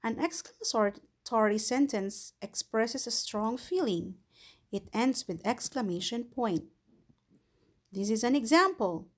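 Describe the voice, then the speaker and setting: A woman with a Filipino accent leads an English grammar lesson for young children. She speaks slowly and patiently in a somewhat high voice. She repeats each point and reads the example sentences aloud with clear emphasis. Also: animated. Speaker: ESL grammar teacher. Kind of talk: slow, deliberate online lesson for young learners.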